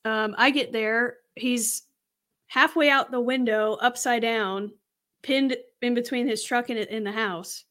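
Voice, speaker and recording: Woman w a bright kinda high voice, laughing thru a work story. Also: a little slow. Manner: giggly, self-deprecating storytelling. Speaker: podcast co-host, police officer. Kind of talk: casual story chat.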